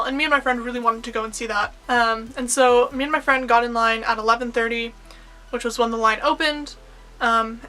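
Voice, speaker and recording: Excitable woman vlogger, casual storyteller, high and sharp voice. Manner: excitable and rambling, many fillers like "like".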